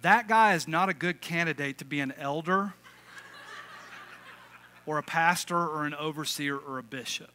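Bright, energetic preacher. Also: male voice, on the high side, moderate pace, pauses often. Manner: energetic, conversational, calls for audience response. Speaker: pastor. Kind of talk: sermon.

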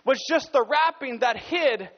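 A man's voice: very high voice, animated, unhurried, in a large hall, highs cut off. A male pastor preaching a sermon with passion, sometimes stopping to correct himself.

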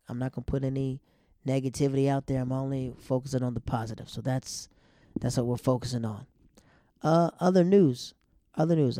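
Gravelly, mellow-voiced young man chatting. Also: medium pitch, no room sound, clean studio sound. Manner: loose, chatty, laughs at own stories. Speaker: podcast host. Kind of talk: casual storytelling monologue.

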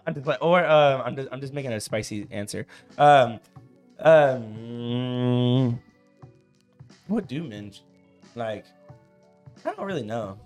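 A man in his thirties co-hosting a casual podcast, telling a story in an animated way, getting loud and worked up, saying "bro" a lot. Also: mid-range voice, takes it slowly, pauses often, faint music behind. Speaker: podcast co-host.

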